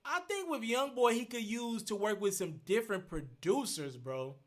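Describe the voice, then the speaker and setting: A man's voice: high voice, animated, normal speed. A man, hosting a live stream, thinking aloud as he answers viewer questions and repeating his points in an earnest, casual way. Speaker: host.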